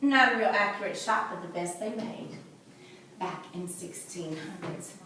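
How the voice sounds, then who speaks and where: A woman tour guide with a lowish voice leads visitors through a large historic house, telling chatty, folksy stories with jokes at a normal speed. The recording is echoey and distant, picked up indoors against a noisy background.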